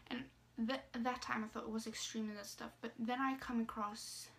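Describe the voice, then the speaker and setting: Hesitant young woman, flat higher voice. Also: moderate pace. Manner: hesitant, many fillers and restarts, soft asides. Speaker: vlogger. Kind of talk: casual personal storytelling.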